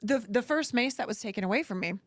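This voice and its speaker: A woman's voice: fairly high pitch, animated, fast, no room sound, studio quality. A woman radio host telling a long anecdote in casual chat, acting out the dialogue. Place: radio studio. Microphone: studio mic.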